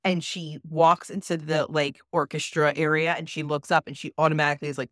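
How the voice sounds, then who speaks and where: A woman co-hosting a casual podcast chat, telling a ghost story in an animated way with plenty of swearing. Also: low voice, fairly quick, few pauses, dry recording, clean studio sound. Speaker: podcast co-host.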